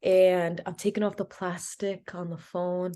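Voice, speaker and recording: A young woman from Providence, Rhode Island, is a guest on a podcast, telling her story in an interview with an animated manner. Her pitch is fairly low and her pace unhurried, and she drops in lots of "like" fillers while acting out dialogue.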